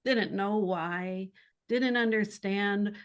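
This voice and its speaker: A woman in her sixties, a children's author guesting on a podcast, talking in a reflective, warm way with light laughs between thoughts. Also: mid-range voice, slow pace. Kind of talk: conversational interview.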